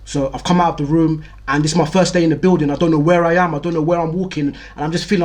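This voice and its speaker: A man's voice: a little high, fairly even intonation, very fast, hardly any pauses, a little mellow. A young man telling a personal story in a candid, vivid way, repeating words for emphasis. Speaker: storyteller host.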